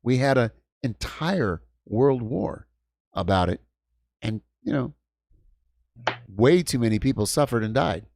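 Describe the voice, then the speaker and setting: A man in his fifties rants through a casual livestream chat, swearing freely and tripping over his own restarts. His voice has a gravelly edge at a middle pitch, recorded dry and close. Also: lively intonation, measured pace, pauses often, darkish tone, no echo. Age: 50s. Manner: swearing, ranting, stumbling restarts. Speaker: livestream host. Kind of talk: heated casual stream chat. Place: home in New York.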